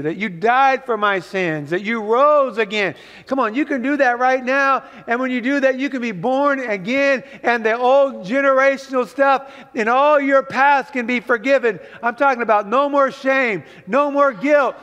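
Guy pastor preaching to his church, pushy and fired up, voice way up high, big reverb tail. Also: fairly bright tone. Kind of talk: sermon. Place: church sanctuary with congregation. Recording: long reverb of a large hall.

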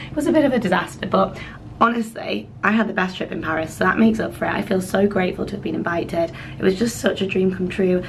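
A woman vlogger with a cold-roughened, hoarse voice, chatting to camera in a rambling, apologetic way. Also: on the low side, slight background noise, low-quality recording. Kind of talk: casual vlog chat to camera.

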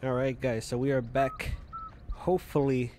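A man's voice: medium pitch, normal speed, darkish tone, a little hiss or hum. A man with a mid-range voice talks casually over a video game. He is chatty and often trips over words while reading text aloud. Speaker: gaming YouTuber. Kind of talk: casual let's-play commentary. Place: small apartment at night.

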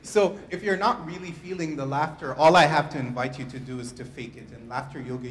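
A man's voice: fairly high pitch, fairly quick, few pauses. A man leading a group through laughter yoga, playful and laughing often as he gives instructions. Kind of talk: leading a group wellness session.

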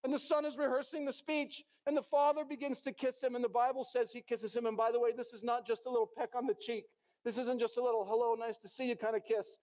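A man's voice: very high voice, little pitch movement, fast talker, a little mellow. A male pastor preaching a sermon in a church, telling a story dramatically and acting out the characters' lines.

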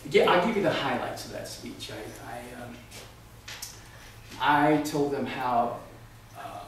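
A man from Texas giving a humorous contest speech at a speaking workshop, with a theatrical, punchy alliterative delivery. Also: fairly high pitch. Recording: echoey room from far off, faint noise.

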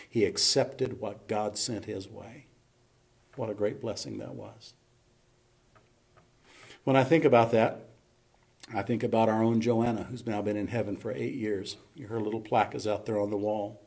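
Man, pastor, sermon, gravelly voice, folksy, emphatic, church. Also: lowish voice, steady tone, moderate pace. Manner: folksy preaching, building to loud emphatic peaks. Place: church sanctuary.

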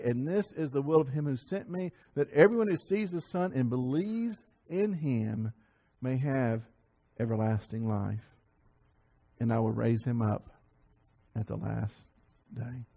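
A man preaching a Sunday sermon to his congregation, often repeating and restarting words and building to loud emphatic peaks. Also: medium pitch, measured pace, gravelly. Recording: sermon audio over slides.

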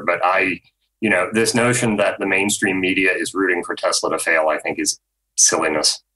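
A man on a podcast panel, an automotive journalist explaining news in a measured way with frequent ums. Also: low voice, pushed and bright, rough recording.

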